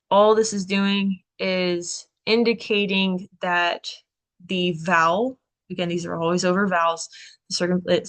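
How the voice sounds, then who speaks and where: A woman's voice: fairly low pitch, a bit bright. A woman teaching a language class in a classroom, explaining letters and sounds and often checking in with "okay" and "right?". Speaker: Greek language instructor. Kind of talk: classroom lecture.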